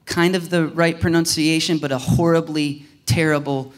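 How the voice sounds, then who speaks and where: Preaching with a faint Southern Ohio accent, this male pastor has a voice that runs high for a man. His relaxed, talky sermon is full of restarts, and he animatedly acts out quick little dialogues in different voices to drive his points home.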